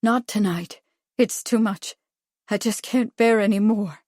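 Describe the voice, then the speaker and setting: A woman's voice: medium pitch, measured pace, a little mellow, no room sound, clean studio sound, lightly acted. A woman voicing a tired, stiff middle-aged society mother. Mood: weary.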